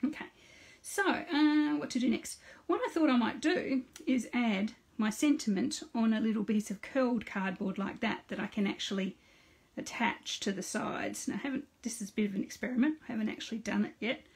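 Husky woman demonstrating crafts. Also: on the high side, brisk, hardly any pauses. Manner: chatty, greets viewers by name, narrates each step aloud. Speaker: card-making host on a live stream. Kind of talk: casual live craft demonstration.

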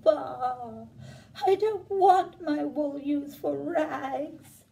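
A woman's voice: high voice, very slow, gravelly, dark tone, far from the mic, a little hiss or hum, full character voice. A woman voicing a fretful, tearful sheep in a storybook. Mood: whiny.

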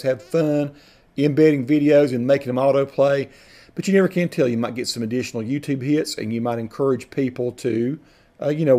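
Folksy, mellow-voiced man explaining software. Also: mid-range voice. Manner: folksy, rambling, corrects himself mid-sentence. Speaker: video tutorial host. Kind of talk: casual screen-recording tutorial.

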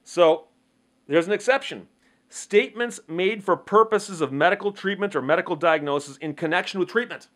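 A man's voice: high-pitched, normal speed, a bit bright. A man commentating on the law in a conversational monologue, asking rhetorical questions and acting out short courtroom exchanges. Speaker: legal commentator. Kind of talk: explanatory monologue to camera.

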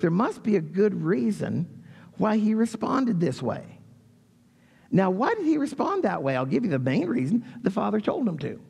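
A man preaches in a church, his voice high and husky with a gravelly edge. He swings through a wide, lively pitch range as he reads scripture and acts out the story. A long reverb trails his words around the sanctuary. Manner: reads scripture, then animated retelling with raised voice for quotes. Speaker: pastor. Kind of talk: sermon.

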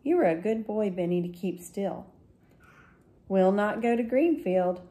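Woman voicing a calm older brother, reassuring, protective, warm storybook tone. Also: mid-range voice, measured pace, natural voice.

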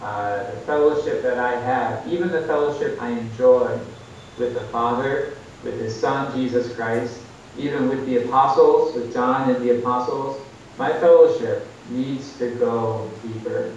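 A man's voice: unhurried, darkish tone. Earnest man preaching over a video call. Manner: earnest, exhorting, with rises for emphasis. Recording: echoey, distant, muffled call audio with faint rumble.

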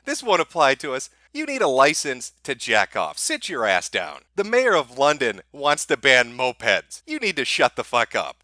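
A man's voice: medium pitch, huge pitch swings, normal speed, hardly any pauses, pushed and bright, dry recording. A man delivering a sarcastic, profane comedic rant as an online commentator. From United States.

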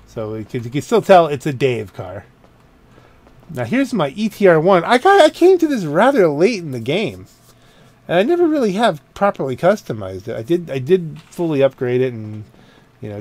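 A gaming channel host with a mid-range, somewhat dark voice rambles casually through his car garage in a video game. It's chatty let's-play commentary, and he keeps stopping to correct himself.

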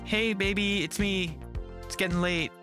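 A man's voice: high voice, fairly even intonation, measured pace, over music, voice pushed up. A man doing a clingy, pleading wife. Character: anxious, obsessive young wife on the phone.

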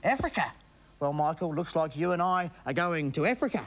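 Energetic New game show host. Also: male voice, a little high, a little fast. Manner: energetic, cheering, urging. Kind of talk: excited game show hosting. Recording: TV studio with audience and music.

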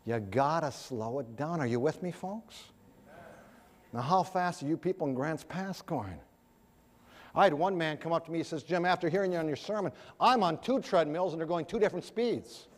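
A middle-aged man preaching a storytelling sermon to an audience, animated and acting out the people in his story. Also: a little high, moderate pace, a little hiss or hum. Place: large hall with an audience. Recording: long hall reverb.

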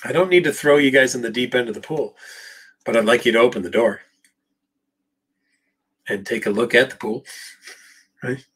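Husky man answering live questions. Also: mid-range voice, normal speed, long pauses, a bit bright. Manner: emphatic, talks straight to viewers by name. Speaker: psychologist answering viewer questions. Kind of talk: live Q&A, casual talk.

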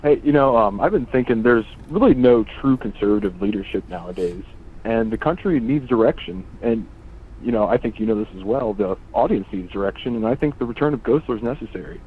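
A male caller talking in an earnest, measured way. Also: medium pitch, lively intonation. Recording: tinny phone line with faint hiss.

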